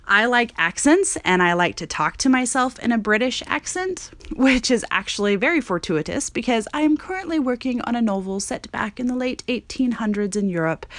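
A woman's voice: fairly low pitch, fairly bright tone, dry recording. A woman in her thirties from Montana, hosting a casual personal podcast monologue in a chatty way, with frequent "um" fillers. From Montana, USA. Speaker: podcast host.

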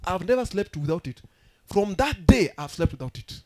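A man preaching a sermon as pastor, emphatic and rousing, with sudden loud outbursts. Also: sits high, animated, moderate pace.

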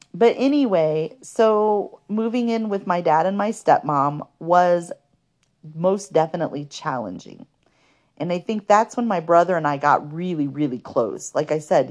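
A woman telling her life story in a podcast, earnest and conversational, with many fillers. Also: low-pitched.

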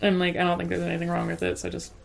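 A woman's voice: on the low side, monotone, very fast, vocal fry, a little hiss or hum. A young woman, a mom, chatting casually on a podcast, telling stories animatedly and laughing often. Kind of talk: casual chat, storytelling.

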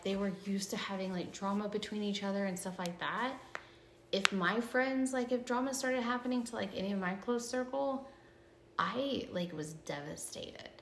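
A woman with a mid-range voice hosts a podcast from an echoey room, with a little hiss or hum in the audio. She tells stories in a chatty, casual way and fills her speech with "like."

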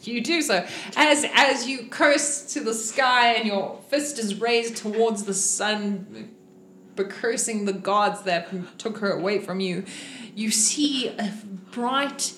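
A woman's voice: fairly high pitch, takes it slowly, a bit bright, slight background noise. Woman game master in an echoey room. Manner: playful, laughs while narrating. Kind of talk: narrating a tabletop game.

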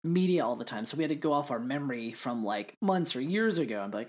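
A podcast co-host in casual chat, talking in a hedging, chatty way with animated asides. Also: medium pitch, fast.

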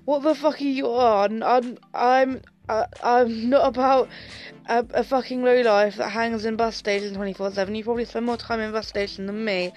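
A woman's voice: a little high, steady tone, moderate pace, a little mellow, soft background music, close to an everyday voice. A woman reading out a foul-mouthed teenage girl. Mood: scornful. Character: angry foul-mouthed thirteen-year-old girl.

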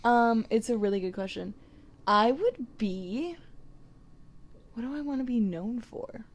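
A woman's voice: a little high, lively intonation, a little slow. A woman co-hosting a podcast, chatting casually with playful, teasing banter. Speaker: podcast co-host.

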